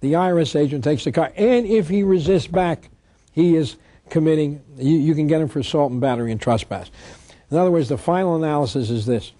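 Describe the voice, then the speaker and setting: A man's voice: on the high side, brisk, warm tone, dry recording. A man giving an instructional talk, emphatic, asking rhetorical questions and answering them himself. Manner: reads statutes aloud. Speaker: tax protest lecturer.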